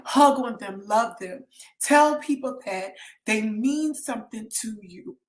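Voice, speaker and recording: A woman counselor with a fairly high voice speaks slowly in an echoey room. On a live stream, she talks earnestly to viewers and pleads with them to get help, reading out names from the chat.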